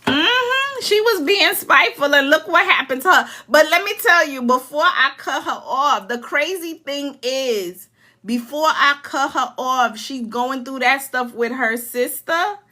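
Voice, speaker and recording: A middle-aged woman from New York, telling family stories in a casual, animated way and acting out what her relatives said. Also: high-pitched, unhurried. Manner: animated, laughing, acts out quoted relatives. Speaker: storyteller. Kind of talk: casual storytime.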